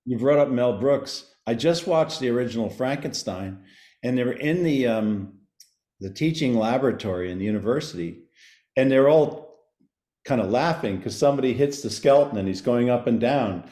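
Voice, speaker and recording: Middle-aged male co-host, mid-pitched, quick to laugh, enthusiastic, recorded in an echoey room. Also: lively intonation, dark tone. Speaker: podcast co-host. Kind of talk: casual chat. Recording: roomy echo.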